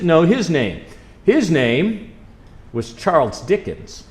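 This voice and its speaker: A man, a college chaplain, telling stories over slides and quizzing a live audience in a chatty way. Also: fairly high pitch. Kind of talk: slide-show trip presentation.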